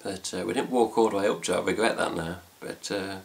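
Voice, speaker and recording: A man with an English accent and a very low, gravelly voice chats casually at home. He rambles through the story with lots of fillers and mild swearing, in a relaxed vlog style. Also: quick pace. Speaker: fan site vlogger. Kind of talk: casual chat.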